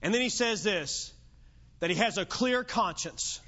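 A man's voice: high-pitched, lively intonation, a little slow, pushed and bright, lo-fi sound. A man preaching an evening sermon in a conversational, joking storytelling manner.

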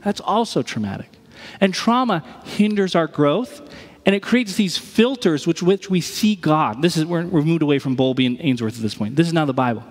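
High-voiced pastor preaching in a hall. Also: male voice, expressive, normal speed, husky. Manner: conversational, acts out quoted voices. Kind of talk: sermon.

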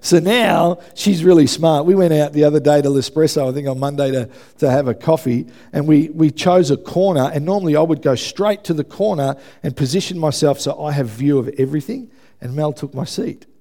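Man, pastor, sermon, gravelly, dark tone. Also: a little high, brisk. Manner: conversational, often checks in with "yeah?".

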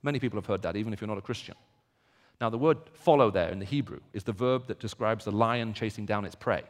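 A man's voice: on the low side, fast. Man preaching in a reverberant hall. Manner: builds from quiet reflection to loud, emphatic repetition. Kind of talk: sermon.

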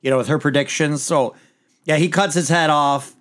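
A man's voice: fairly high pitch, steady tone, normal speed, fairly bright tone. A man chatting casually as a podcast host, rambling through a TV episode recap with lots of restarts and the odd swear word.

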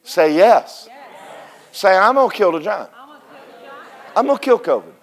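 High-pitched guy preaching hard, acts out bible characters, church crowd answering back. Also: normal speed. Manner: animated, preaching with call-and-response and acted Bible voices. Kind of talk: sermon. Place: church service with congregation responding.

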